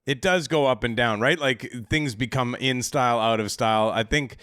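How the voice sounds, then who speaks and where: A man in a casual podcast chat, his voice smooth and resonant with a dry, close sound and no room around it. He rambles through his points, restarting sentences and swearing casually. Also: medium pitch, normal speed, fairly bright tone, no room sound.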